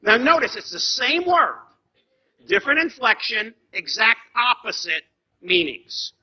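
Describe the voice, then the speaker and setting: A man giving an animated seminar lecture as a trainer, putting rhetorical questions to the audience. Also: very high voice, a little slow. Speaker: corporate trainer. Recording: dull lo-fi seminar recording.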